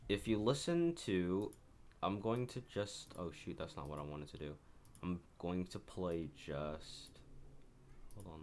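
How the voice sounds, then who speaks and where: Low-voiced man explaining his music. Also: gravelly, slight background noise. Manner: rambling, self-correcting, talks while working. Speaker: composer showing his own piece. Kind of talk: casual screen-share commentary.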